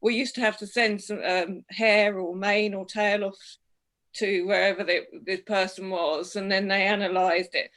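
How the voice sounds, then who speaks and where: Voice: medium pitch, level tone, normal speed, fairly bright tone. A person in a casual group chat, thoughtfully recounting personal experiences with hesitations. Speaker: group participant.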